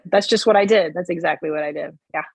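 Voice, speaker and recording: Wry joking woman comedian, husky. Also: lowish voice, fast talker, no echo, rough recording. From Canada. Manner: wry, joking, plugs her work. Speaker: guest comedian. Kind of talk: casual interview chat.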